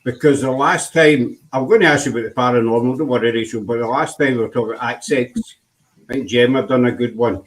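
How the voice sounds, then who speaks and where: A man's voice: mid-range voice, a little fast, rough recording. A man hosting a casual live-stream chat, laid-back and rambling with lots of fillers. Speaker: host.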